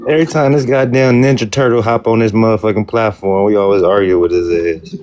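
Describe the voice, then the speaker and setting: A young man with a low voice jokes around with friends in a group voice chat. He ribs them with quick wisecracks, speaking through a headset. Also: steady tone, darkish tone, dry recording, studio quality. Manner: wisecracking, ribbing his friends. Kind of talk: joking banter.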